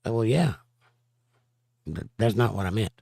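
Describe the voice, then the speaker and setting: A hoarse man hosting a casual livestream, reading chat comments aloud and joking around. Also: lowish voice, animated, normal speed, dark tone, no room sound, studio quality. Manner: joking, playful banter.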